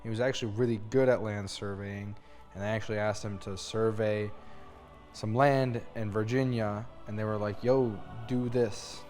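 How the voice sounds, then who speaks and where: A man's voice: on the low side, fairly even intonation, normal speed, darkish tone. A young man telling a history story as a comedy bit, in a rambling, slangy, giggly way. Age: young adult. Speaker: student narrator. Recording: long reverb with music underneath.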